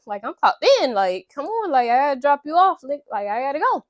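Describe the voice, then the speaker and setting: A woman's voice: high voice, very animated, fairly quick, dry recording, lo-fi sound. A woman doing an impatient assistant. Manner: impatient, slangy. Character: impatient female assistant, in a hurry.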